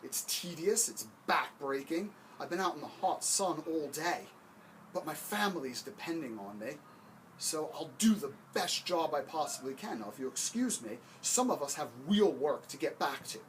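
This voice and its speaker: A man's voice: a little high, lively intonation, normal speed, a little hiss or hum, close to an everyday voice. A man voicing a tired, irritated stonecutter who snaps back at a question. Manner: snapping, exasperated. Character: hot, worn-out male stonecutter, curt and irritated.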